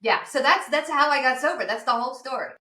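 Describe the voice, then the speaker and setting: A woman in her fifties, from outside Philadelphia, tells her story in a lively way and acts out the people in it. Her voice sits fairly high and sounds bright. The room adds a clear echo. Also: quick pace. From outside Philadelphia, USA. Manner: lively storyteller who acts out past dialogue. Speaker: podcast guest, addiction counselor. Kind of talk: personal storytelling on a podcast. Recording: roomy echo.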